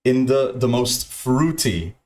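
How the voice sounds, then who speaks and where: A man tells a meandering story in plain, mid-pitched talk, circling back and restarting his sentences. He swears casually and slips into brief impressions of the people in the story. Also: animated, takes it slowly, noisy background. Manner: repetitive, profane, restarts often, mimics others. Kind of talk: rambling anecdote.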